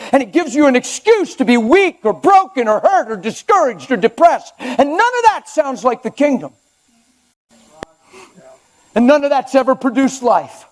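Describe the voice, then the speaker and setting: Animated high-voiced older man preaching. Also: normal speed. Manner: animated, conversational preaching with sudden loud outbursts. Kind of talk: sermon. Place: church.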